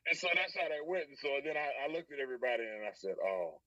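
A man from Texas, a voice actor guest, telling a story in a casual, animated way, with laughter and many restarts. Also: medium pitch, fast talker, no room sound, far from the mic, muffled recording.

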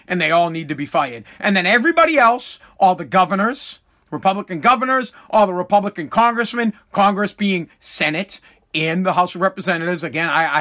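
Furious, profane man ranting, high and sharp. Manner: profane, heated, repetitive. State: recovering from a tooth extraction. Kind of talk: angry political rant.

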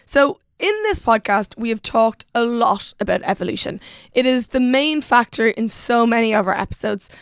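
A woman co-hosting a casual podcast, bubbly and quick to laugh. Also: on the high side, lively intonation, clear, resonant tone, no room sound, clean studio sound. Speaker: podcast co-host.

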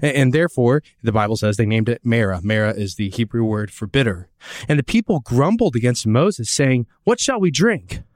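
A man's voice: mid-range voice, lively intonation, brisk, darkish tone, no room sound, studio quality. Earnest man teaching from the Bible. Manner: earnest storyteller, voices people's questions.

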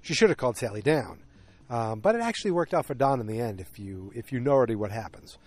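A man's voice: medium pitch, lively intonation, quick pace, a little mellow. Rambling man recapping a TV episode. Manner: rambling, filler-heavy, opinionated asides.

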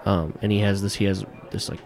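A man running a tabletop game as game master, narrating in a halting way with many fillers and restarts. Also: lowish voice, flat delivery, crowd noise.

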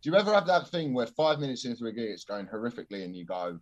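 Animated comedian, swearing freely. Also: male voice, mid-range voice, very fast. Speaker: stand-up comedian guest. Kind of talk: casual podcast chat, storytelling.

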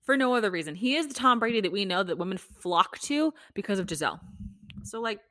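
A young woman hosts a podcast in an opinionated, casual rant, swearing freely and filling her talk with "like." Her voice sits at an ordinary middle pitch for a woman. The recording is close and dry, with no room sound. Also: animated, fast, bright, forceful tone, no echo. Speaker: podcast host.

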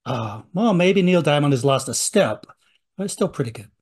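A man's voice: fairly high pitch, animated, normal speed, darkish tone, husky, soft background music. A man hosting a podcast, chatting casually and joking as he introduces old radio clips. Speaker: podcast host. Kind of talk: casual recap chat.

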